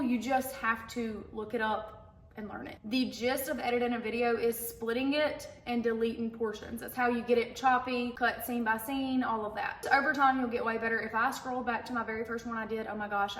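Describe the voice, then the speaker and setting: A young woman, a content creator and stay-at-home mom, chats candidly to camera while answering viewer questions in a casual Q&A, talking quickly. Her voice is a little high, and the recording is reverberant with a bit of hiss or hum.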